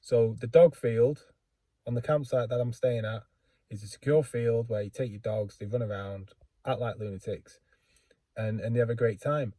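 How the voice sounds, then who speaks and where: A man tells a rambling, self-deprecating story to his vlog audience, stopping and restarting as he goes. His voice is mellow and a little husky. It sounds dry and close, with no room echo. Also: mid-range voice, steady tone, normal speed. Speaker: book vlogger. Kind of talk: casual storytelling.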